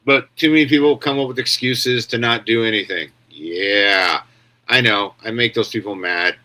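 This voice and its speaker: A man's voice: lowish voice, normal speed, bright, forceful tone. A man hosting a casual news commentary stream, rambling bluntly and answering viewer comments as he goes. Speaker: commentary show host.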